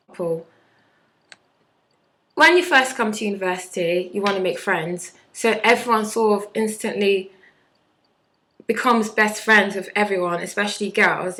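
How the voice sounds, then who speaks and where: A woman's voice: mid-range voice, pushed and bright, low-quality recording. A woman in her twenties chatting bluntly and sarcastically in a casual vlog, with mocking impressions. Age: 20s. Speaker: vlogger.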